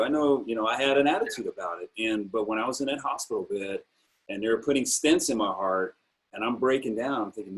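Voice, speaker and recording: Middle-aged host guy, low voice, casual, calls everyone bro, gets emotional. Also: fairly quick, poor audio. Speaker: interview host, program creator. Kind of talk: casual interview.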